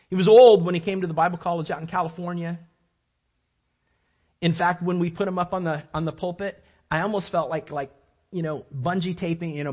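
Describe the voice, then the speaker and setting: A man preaching a sermon as a lively, rambling storyteller, full of restarts and asides. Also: sits high, dull audio.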